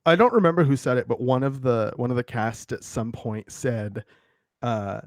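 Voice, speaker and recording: A young man chatting before a tabletop game, joking and swearing in an animated way. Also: medium pitch, moderate pace, no room sound. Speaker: player. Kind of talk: casual pre-show chat.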